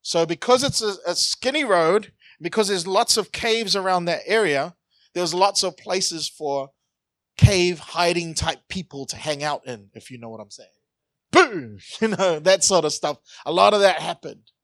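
Pastor preaching a casual sermon. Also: male voice, sits high, normal speed, fairly bright tone, dry recording. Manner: conversational, joking, asks the congregation questions.

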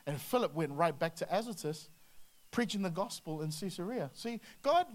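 A preacher giving an energetic, conversational sermon, with frequent restarts and acted asides. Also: medium pitch, moderate pace. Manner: lively, slips into acted quotes, many restarts.

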